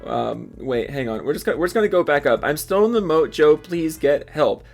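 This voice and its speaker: Young man from Seattle, raised-pitch voice, ranting gamer YouTuber, sarcastic and profane, with sudden yelps. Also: expressive, a little fast, creaky, soft background music. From Seattle, USA. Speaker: gaming YouTuber. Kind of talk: ranting commentary and reading out supporter names.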